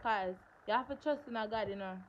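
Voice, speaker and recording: A woman's voice: fairly high pitch, brisk, muffled recording, background noise. A young woman, telling a story on her livestream in an emphatic way, repeating phrases for stress. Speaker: livestream host.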